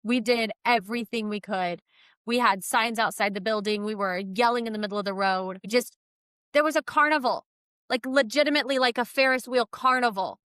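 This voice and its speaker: A woman's voice: a little high, a little fast, smooth, dry recording. A woman in her thirties, a podcast guest who founded a business program for kids, telling stories with animation and acting out what people said. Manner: animated storytelling, acting out her own quotes. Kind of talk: podcast conversation.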